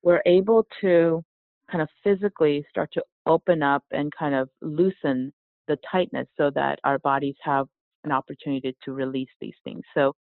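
A woman guest, a yoga teacher and author, explains her ideas calmly and earnestly at a middle pitch. Her voice comes through a thin, tinny, phone-like line that sounds dry and close. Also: normal speed, no room sound. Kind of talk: casual interview.

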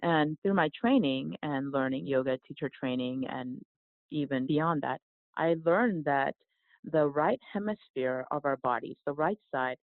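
Gravelly speaker over a tinny line. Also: medium pitch, a little slow, no echo. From South Korea. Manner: earnest, reflective, with restarts. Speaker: podcast guest, yoga teacher. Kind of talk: storytelling in conversation.

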